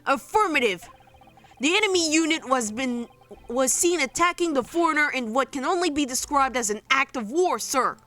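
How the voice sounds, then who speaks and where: A woman's voice: high-pitched, animated, moderate pace, sharp tone, soft background music, voice pushed up. A woman voicing a stiff young male army sergeant who reports in a barked military way. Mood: urgent.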